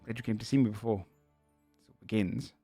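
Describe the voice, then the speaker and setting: A man voicing a nervous, excitable male dragon who frets and stumbles over his words. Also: lowish voice, fairly quick, no echo, faint music behind. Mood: anxious.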